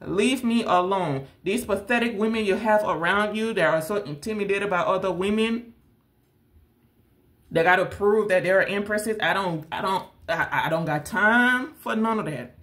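A woman's voice: medium pitch, moderate pace, fairly bright tone. Blunt, confrontational woman ranting to camera. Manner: confrontational, blunt, repeats herself. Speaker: tarot channel host. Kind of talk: direct-to-camera rant.

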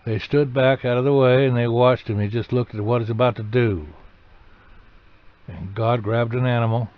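A man preaching a sermon, telling the story dramatically and breaking into sudden loud, emphatic bursts. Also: medium pitch, fairly even intonation, normal speed, dull audio.

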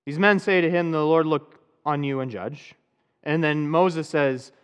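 A man's voice: a little high, a little slow, clean tone, long reverb tail. A male pastor preaching a sermon in an easy, conversational way, with bits of dry sarcasm.

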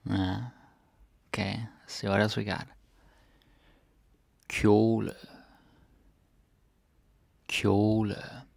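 A man with a Danish accent teaching a relaxed vocabulary lesson, repeating each word and tagging lines with a questioning "eh?". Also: fairly low pitch, gravelly, slightly rough, dry recording. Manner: relaxed, repeats words slowly, tags sentences with "eh?".

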